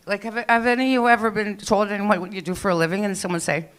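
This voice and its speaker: Speaking fast with a medium-pitched, steady voice, a middle-aged woman works a small club's open-mic stage. Her stand-up is chatty and meandering, laced with swearing and acted-out quotes from people in her stories.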